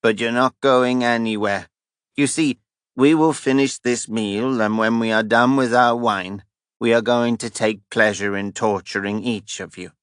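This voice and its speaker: A man voicing a crude, brutish male forest thief who jeers and mocks loudly. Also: medium pitch, steady tone, a little slow, clean tone, no room sound, clean studio sound, lightly acted. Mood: menacing. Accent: crude regional accent put on. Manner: jeering, mocking, shouting.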